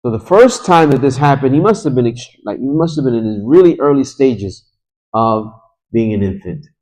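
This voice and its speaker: A man's voice: mid-range voice, expressive, moderate pace, darkish tone, rough recording. A man teaching a lesson in a mosque, retelling a story conversationally and with feeling, quoting Arabic and then translating it. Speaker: religious teacher.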